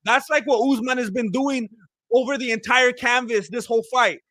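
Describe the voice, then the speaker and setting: A man's voice: very high voice, fairly even intonation, moderate pace, bright, forceful tone, dry recording. A man giving casual, joking play-by-play of a live fight, rambling and repeating himself. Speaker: fight commentator. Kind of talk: casual live fight watch-along commentary.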